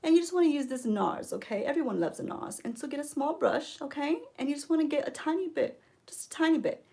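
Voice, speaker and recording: A woman giving a mock makeup tutorial, coaxing viewers with deadpan ironic influencer patter and frequent "okay?"s. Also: high voice, quick pace, creaky. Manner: coaxing, keeps repeating "okay?". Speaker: beauty vlogger.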